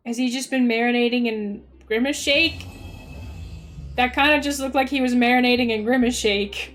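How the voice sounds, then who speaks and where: A young woman chatting casually while livestreaming a game, swinging between mumbled asides and loud squeals. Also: a little high, fairly even intonation, moderate pace, soft background music. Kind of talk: casual gaming stream chat.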